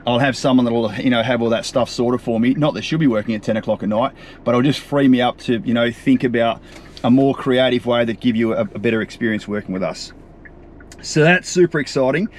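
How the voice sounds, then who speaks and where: A man's voice: medium pitch, fairly quick. Upbeat Australian man chatting on a drive. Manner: chatty and upbeat, with frequent fillers. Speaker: property coach and show host. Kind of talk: casual to-camera vlog. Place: in a vehicle on a drive. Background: faint road and traffic noise.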